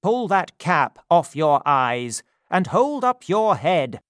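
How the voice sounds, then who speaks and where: A man's voice: a little high, sing-song, slow pace, no room sound, clean studio sound, pitched above the performer's own voice, exaggerated voice. A man voicing a bossy, blustering middle-aged workhouse official who barks orders in a storybook reading. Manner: loud, blustering.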